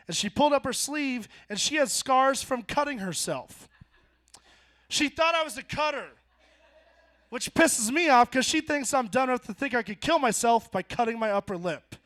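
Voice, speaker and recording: High-voiced young man doing stand-up. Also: moderate pace. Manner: deadpan storytelling that jumps into loud punchlines. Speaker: stand-up comedian. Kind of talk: stand-up set. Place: bar stage before a live audience.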